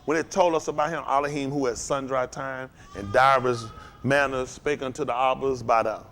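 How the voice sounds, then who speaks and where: A man preaching a sermon, animated and working with call and response, climbing to loud, high peaks. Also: normal speed.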